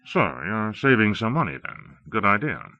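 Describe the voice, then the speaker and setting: A man's voice: lowish voice, sing-song, moderate pace, dry recording, exaggerated voice. A man voicing a kindly, bearded research director with a grandfatherly manner. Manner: warm, grandfatherly. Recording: dull lo-fi cassette audio.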